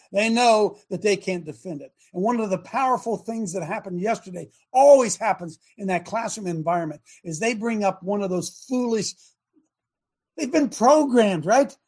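A middle-aged man hosting a fiery preaching talk show, speaking emphatically and often rising to shouts. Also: high-pitched, animated, normal speed, breathy edge.

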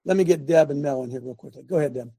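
A man hosting an online talk show, giving fiery religious and political commentary in an excitable, rambling way with shouted asides. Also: fairly high pitch, racing, breathy edge, dry recording.

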